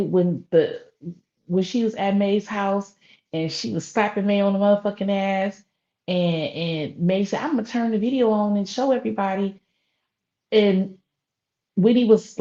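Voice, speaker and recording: A woman doing casual live-stream gossip commentary, profane and animated, laughing often. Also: medium pitch. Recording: slightly dull lo-fi audio.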